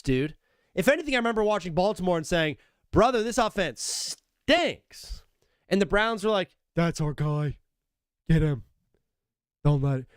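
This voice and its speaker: Young male sports-stream host, lively swooping delivery, slightly high voice, dry close mic. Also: no echo. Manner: animated, casual, calls people brother and dude. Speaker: sports talk show host. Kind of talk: live sports talk stream.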